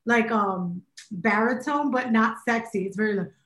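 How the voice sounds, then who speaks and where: A high-voiced woman co-hosts a casual podcast while a bit under the weather. She tells her stories in an animated way and laughs often. Her voice rings in a roomy, echoey space. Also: normal speed. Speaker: podcast co-host. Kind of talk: casual chat.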